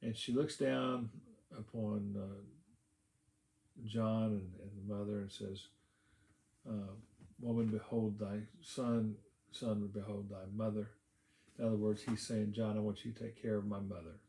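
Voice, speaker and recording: A man's voice: lowish voice, little pitch movement, a little slow, vocal fry, mellow. Man preaching in an echoey church. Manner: conversational preaching with many fillers and restarts. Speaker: pastor. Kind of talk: sermon. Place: church sanctuary.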